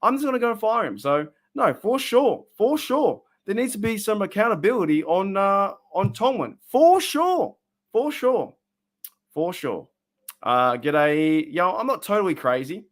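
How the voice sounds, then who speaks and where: An Australian man streaming live from his own room, with a slightly high voice. He rants bluntly and emotionally about his team, swinging from loud outbursts to low mutters. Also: lively intonation, moderate pace. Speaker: sports fan streamer.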